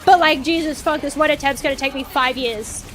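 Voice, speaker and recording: A woman's voice: high-pitched, brisk, a little hiss or hum. A woman streaming a game in casual chat, dramatic and whiny, swearing freely as she talks.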